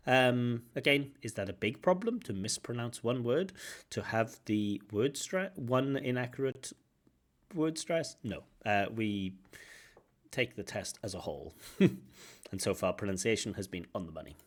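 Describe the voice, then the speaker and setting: A man giving feedback as a language-test examiner, explaining points in an animated way and humming out intonation patterns. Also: mid-range voice, normal speed. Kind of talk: commentary on a recorded test.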